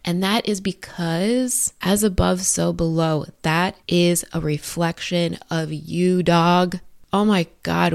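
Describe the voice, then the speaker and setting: A young woman with a low voice delivers a spiritual message in a loose, conversational way. She swears freely and laughs often. She speaks slowly and takes her time. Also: gravelly. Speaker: spiritual channeler. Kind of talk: casual channeled message.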